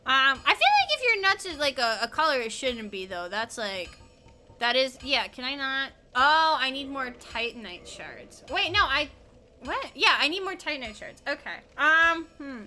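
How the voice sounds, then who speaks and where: Bright, high-pitched chatty woman gamer. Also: big pitch swings, normal speed, a little hiss or hum. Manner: rambling, giggly, talks to chat while playing. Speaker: streamer. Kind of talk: casual gaming stream chat.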